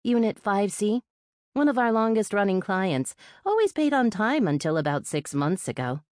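A woman's voice: mid-range voice, very animated, moderate pace, darkish tone, no room sound, studio quality, pitched above the performer's own voice, lightly acted. A woman voicing a wary, blunt storage-facility owner with a folksy, suspicious way of talking, in an audiobook. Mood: matter-of-fact. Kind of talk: audiobook character voice.

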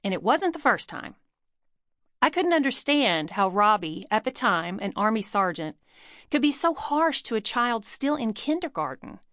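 A woman's voice: fairly high pitch, big pitch swings, normal speed, a bit bright, no room sound. Middle-aged woman author, earnest audiobook read, dead-dry booth sound. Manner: earnest, personal storytelling. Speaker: author reading her own book. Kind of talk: audiobook narration.

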